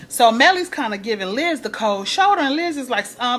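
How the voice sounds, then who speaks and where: A woman recapping a TV episode in casual chat, acting out quotes and laughing often. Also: brisk. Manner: animated, acts out quotes in a higher voice, laughs often. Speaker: TV recap vlogger.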